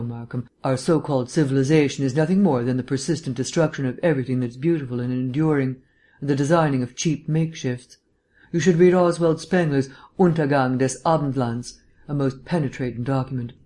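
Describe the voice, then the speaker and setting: An audiobook reader voicing an urbane, erudite gentleman detective who lectures in a polished, lightly teasing way. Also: mid-range voice, fairly even intonation, brisk, close to an everyday voice. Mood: lecturing. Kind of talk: audiobook reading.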